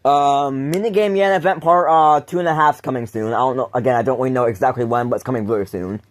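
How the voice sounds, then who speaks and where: A man hosts a loose, casual podcast and talks in a rambling way. He laughs often and keeps restarting his sentences. His pitch sits in a middle range for a man. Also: fairly even intonation, quick pace. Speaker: podcast host. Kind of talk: casual chat.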